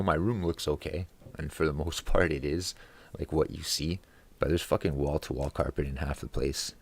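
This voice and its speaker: A man vlogging from his room at home in a casual, angry, profanity-laden rant. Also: rumbling low. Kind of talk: casual ranting monologue.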